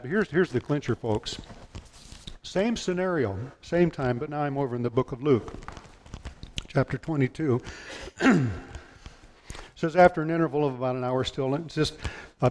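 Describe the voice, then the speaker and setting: A male pastor preaches a sermon, retelling scripture through lively storytelling and dropping low and quiet whenever he voices quoted lines.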